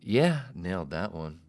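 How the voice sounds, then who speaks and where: A fairly low-voiced man in his forties hosts a comedy podcast on his own. He talks in a brash, self-mocking way, curses freely and lets his pitch jump about with lively swings, from near-whispers to sudden shouts. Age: 40s. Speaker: podcast host. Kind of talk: solo comedy podcast monologue.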